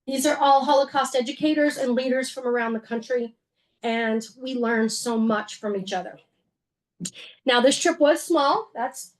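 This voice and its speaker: A woman giving a slideshow talk to an audience, conversational and earnest, with wry humor and frequent fillers and self-corrections. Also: on the high side. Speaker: museum executive director giving a talk.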